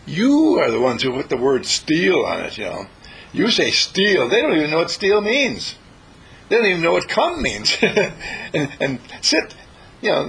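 Husky gravelly man giving a spiritual talk. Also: a bit bright, rough recording. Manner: playful, questioning, with big swoops in pitch.

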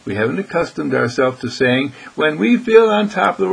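With a fairly high, sing-song voice that's gravelly and husky, this American dean of a healing school delivers a brief inspirational talk at a moderate pace. He stresses his points through repetition and voices his listeners' questions himself, on a rough recording.

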